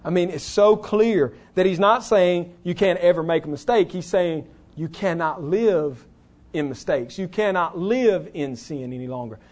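A man preaches a sermon in a notably high voice. He is earnest and emphatic, leaning on slow, stressed phrases to drive each point home. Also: a little mellow. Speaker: pastor. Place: church.

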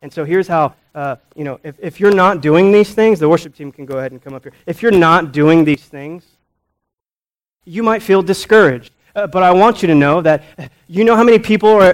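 Emphatic male pastor preaching. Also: a little high. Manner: emphatic, swings from loud to quiet, repeats words. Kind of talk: sermon.

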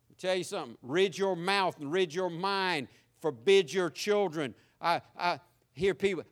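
A man's voice: high-pitched, normal speed. A man with a Southern US accent preaching a sermon, folksy and emphatic. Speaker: pastor.

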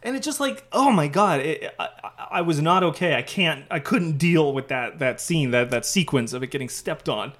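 Guy on a podcast, kinda high voice, talks fast and loose with lots of likes and uhs. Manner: animated, rambling retelling with many fillers. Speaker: podcast co-host. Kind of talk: casual movie-recap chat.

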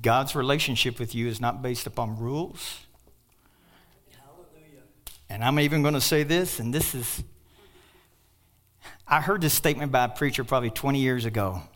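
An older man preaching a sermon as pastor, emphatic, with sudden loud outbursts and joking asides. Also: mid-range voice, moderate pace, long pauses.

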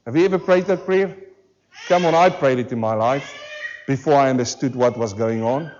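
A pastor preaching a sermon to a church congregation, emphatic and full of rhetorical questions, slowing down hard on key words. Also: male voice, high voice, darkish tone, highs cut off. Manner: emphatic, with rhetorical questions and slowed, drawn-out stresses. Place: church service.

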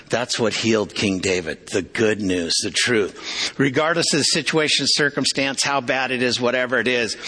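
A middle-aged man preaching a testimony sermon to a congregation, earnest and confessional, with halting restarts. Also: mid-range voice, pushed and bright, breathy edge.

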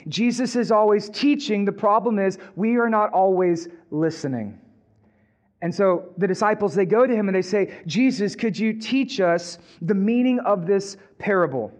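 A male pastor preaching a sermon in a casual, conversational way, repeating and restarting phrases. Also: sits high.

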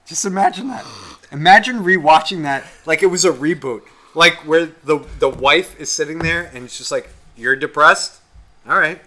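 A man's voice: fairly high pitch, moderate pace, bright, forceful tone. A young man co-hosting a podcast, ranting in a heated, rambling way and swearing constantly. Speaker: podcast co-host. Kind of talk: casual podcast rant.

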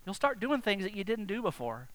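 A man preaching a sermon to his congregation, animated and direct, often asking them questions. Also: high voice, a little fast, dry recording. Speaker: pastor.

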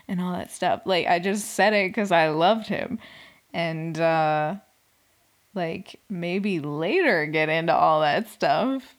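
A woman's voice: on the low side, slow. Chatty young woman recapping reality TV. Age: young adult. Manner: chatty, sarcastic, heavy on "like" and laughter. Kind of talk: casual chat.

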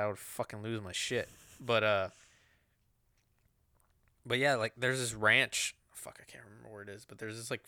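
Guy on a podcast, lowish voice but bright n crisp, swears a lot, just riffing. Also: dry recording, clean studio sound. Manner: swears freely, loose rambling speculation. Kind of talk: casual chat.

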